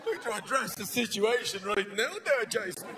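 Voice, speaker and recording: A man with an Irish accent doing stand-up comedy, talking in a manic, shouting way and acting out characters. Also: high-pitched, a little fast, a loud crowd. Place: theatre stage before a live audience. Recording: live show with audience noise.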